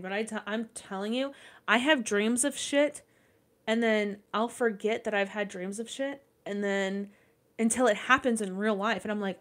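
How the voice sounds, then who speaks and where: A woman's voice: medium pitch, normal speed. A young woman hosting a podcast, telling a personal story in a casual, rambling way, full of swearing and acted-out reactions. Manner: profane, rambling, animated retelling. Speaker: podcast host. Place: dark room at home.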